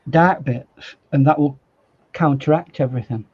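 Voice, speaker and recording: A man from Yorkshire, England, speaks with a Yorkshire English accent in a slightly high, husky voice at normal speed, recorded with lo-fi sound. He's a guest artist giving a live watercolor demonstration, chatting as he paints. He jokes, rambles, and laughs often.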